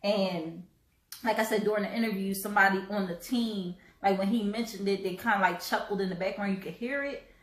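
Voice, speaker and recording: A woman hosting a live stream, talking earnestly with halting restarts and repeated words, choked up and coughing now and then. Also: mid-range voice, reverberant, low-quality recording. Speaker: host.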